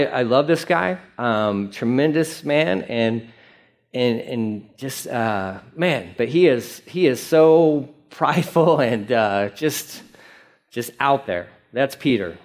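A male pastor preaching a sermon in an animated, conversational way, with frequent fillers. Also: medium pitch.

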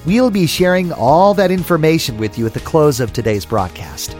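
Lively male broadcast announcer. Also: on the high side, moderate pace, soft background music. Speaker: radio announcer. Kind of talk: scripted broadcast introduction.

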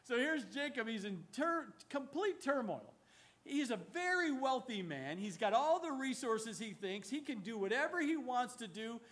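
High-voiced man preaching emphatically. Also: normal speed. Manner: animated, emphatic preaching with frequent self-corrections. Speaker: pastor. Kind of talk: sermon.

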